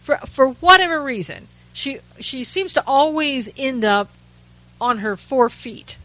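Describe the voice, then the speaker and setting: A woman hosts a talk radio segment in a chatty, sarcastic commentary style. Her voice is bright and forward, and she often restarts her sentences and drops in wry asides. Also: sits high, lively intonation, a little slow, poor audio. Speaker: radio host.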